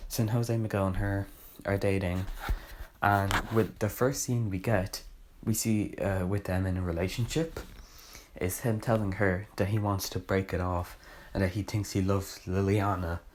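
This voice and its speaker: A man's voice: low voice, level tone, normal speed, darkish tone, slight background noise. A young man casually reviewing a book, rambling and sarcastic, often correcting himself mid-sentence.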